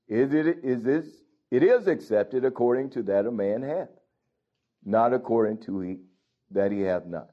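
A man preaching in a stern, blunt, scolding way, with a mid-pitched voice. The recording sounds dull and lo-fi. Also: expressive, normal speed. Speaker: pastor. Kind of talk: sermon.

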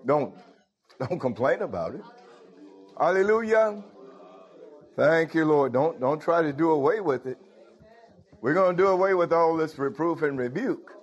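A man's voice: fairly high pitch, expressive, measured pace, long pauses, highs cut off. A man preaching a sermon in a conversational way, often putting questions to his congregation.

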